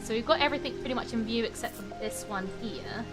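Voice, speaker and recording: A woman's voice: fairly high pitch, quick pace. A British woman chatting casually to her viewers while streaming a game. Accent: British English. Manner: chatty, talks to chat while playing. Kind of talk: casual live-stream chat. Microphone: desk mic with webcam. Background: game music.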